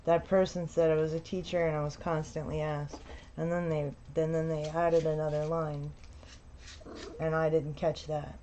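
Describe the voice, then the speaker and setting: A woman with a lowish voice delivers blunt, sarcastic commentary, swearing freely as she reacts to a video. The recording is dull and lo-fi. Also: level tone, moderate pace, mellow.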